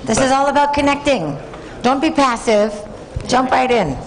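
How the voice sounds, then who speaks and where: A woman's voice: a little high, normal speed. A woman hosting a conference on stage, upbeat and direct, firing short commands at the audience. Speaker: conference emcee. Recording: crowd noise in a conference hall.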